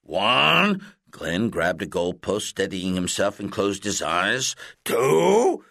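Reading a children's audiobook, a man tells the story in a deliberate, expressive way, his voice sitting low. The recording is dry, captured close on a studio mic.

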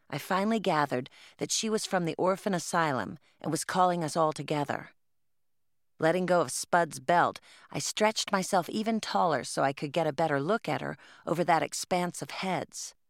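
A woman's voice: sits low, no echo, studio quality. A woman narrating an audiobook in first person, telling a plain story in the voice of a twelve-year-old girl.

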